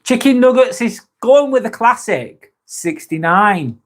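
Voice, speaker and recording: A man's voice: high-pitched, expressive, unhurried, few pauses, fairly bright tone. A man hosting a casual live chat, reading viewer comments aloud, laid-back, laughing often and swearing freely. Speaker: livestream host.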